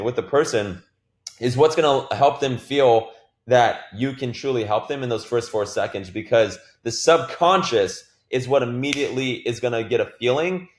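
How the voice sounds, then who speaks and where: Energetic man teaching sales, echoey room. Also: medium pitch. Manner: casual, energetic, swears, many "like" fillers. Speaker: sales trainer. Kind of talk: recorded training talk.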